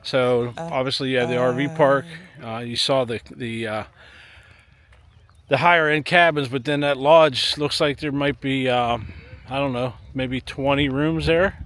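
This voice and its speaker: A man's voice: mid-range voice, steady tone, moderate pace, fairly bright tone. A middle-aged man giving an easygoing, matter-of-fact walking tour of a lakeside campground outdoors, thinking aloud as he goes. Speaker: RV travel vlogger. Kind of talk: casual walking tour commentary. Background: background music.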